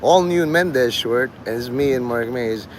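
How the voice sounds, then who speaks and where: Guy rambling to his stream chat, swears a ton, keeps laughing, mid pitch, bit of street noise. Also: unhurried. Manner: profane, joking, laughs often. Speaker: livestreamer.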